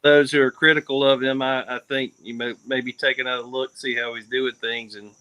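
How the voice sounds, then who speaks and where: Man with a bright, forceful voice; halting delivery with lots of "uh". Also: medium pitch, little pitch movement, clean tone, poor audio. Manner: hesitant, many fillers. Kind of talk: casual chat.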